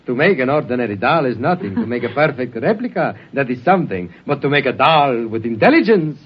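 An actor playing a proud, theatrical male doll maker in a radio-style drama, speaking in a husky, showman-like way. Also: medium pitch, big pitch swings, brisk. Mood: grand. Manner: grandiose, showman-like. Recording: dull lo-fi vintage recording.

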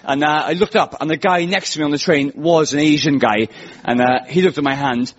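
Rambling Welsh comedian in his twenties. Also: fairly high pitch. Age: 20s. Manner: self-deprecating, rambling, quick asides. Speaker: comedy show host. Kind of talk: stand-up monologue on radio. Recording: lo-fi radio studio with audience laughter. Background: studio audience laughing.

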